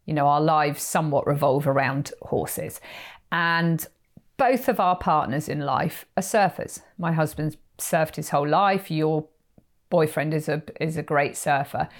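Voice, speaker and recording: Low-voiced woman telling a lively story. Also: a little slow. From England. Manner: animated, acts out quoted lines. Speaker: podcast co-host. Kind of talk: casual storytelling chat.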